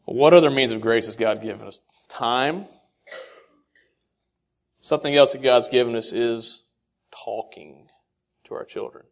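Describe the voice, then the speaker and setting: Animated man preaching to fathers. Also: mid-range voice, unhurried, long pauses. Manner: rhetorical questions, quotes scripture. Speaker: speaker addressing fathers. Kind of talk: sermon-style talk.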